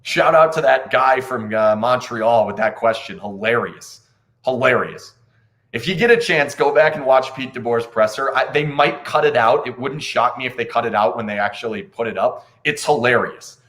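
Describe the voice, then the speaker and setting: A man's voice: medium pitch, normal speed. A man hosting a casual hockey show, breaking down a game bluntly and with disbelief, swearing now and then. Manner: blunt, animated, swears, incredulous. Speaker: hockey podcast host. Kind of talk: casual post-game analysis.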